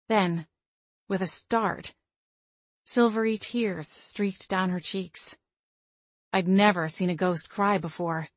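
A woman's voice: fairly low pitch, no room sound. Woman narrating a first-person audiobook.

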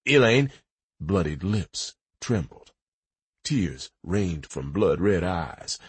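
A man's voice: low-pitched, very animated, drawn-out words, breathy edge, no room sound. A man narrating a story in first person with dramatic, vivid delivery. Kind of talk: audiobook narration.

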